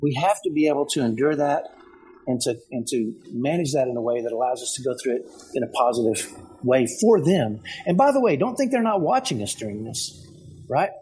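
A man giving parenting advice in an energetic motivational talk, often checking in with "right?". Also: medium pitch, a little fast, slight background noise, rough recording. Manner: energetic, keeps asking "right?".

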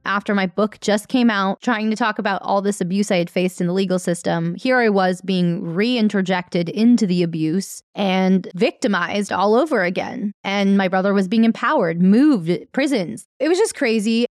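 A woman's voice: mid-range voice, normal speed, hardly any pauses, no echo, studio quality. A woman telling her own story in an earnest, emphatic and candid way, as a victim advocate. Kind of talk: personal testimony storytelling.

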